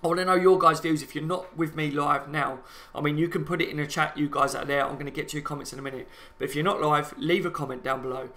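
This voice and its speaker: A man's voice: a little high, steady tone, quick pace, fairly bright tone. A man with a Liverpool accent hosting a fan live stream, chatting passionately to viewers about an upcoming match and reading out their comments. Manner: passionate, chatty, talks to viewers as "guys" and "lads".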